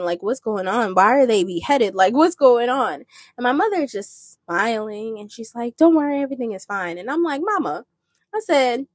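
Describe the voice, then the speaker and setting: A woman's voice: fairly high pitch, breathy edge, no echo. A woman hosting a podcast, telling a personal faith testimony in an earnest, rambling way with restarts. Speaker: podcast host.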